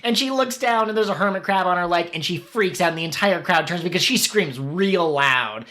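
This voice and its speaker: Wry, lively podcast co-host, a man. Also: high-pitched, a little fast. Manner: wry, joking, agreeable. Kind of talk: casual chat.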